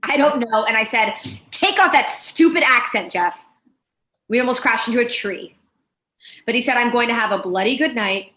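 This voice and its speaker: A woman playing a blunt, scheming wife who accuses her husband, in a brash, deadpan improvised comedy. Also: fairly high pitch, brisk.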